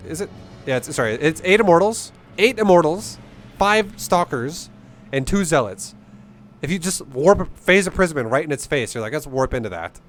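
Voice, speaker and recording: A young man giving blunt, profane, rambling coaching on a game. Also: on the high side. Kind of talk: casual game coaching commentary.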